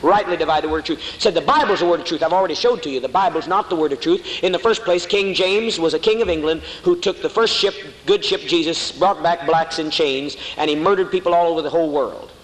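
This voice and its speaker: A man's voice: on the high side, fast, hardly any pauses. A male preacher delivering a fiery, mocking sermon to a congregation, calling listeners honey. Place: church hall before a congregation. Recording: echoey hall with faint noise.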